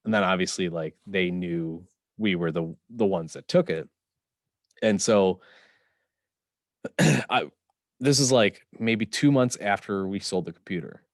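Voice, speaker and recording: A young man co-hosting a podcast, telling a story in a halting casual way with "um" and "like" fillers. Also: low-pitched, no room sound, clean studio sound. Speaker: podcast co-host.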